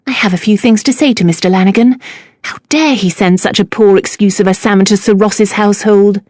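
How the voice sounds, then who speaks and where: Crisp decisive young lady voiced by a woman, proud and pert, period storybook character, dry close recording. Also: medium pitch, fairly quick, darkish tone, no echo, natural voice. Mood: indignant.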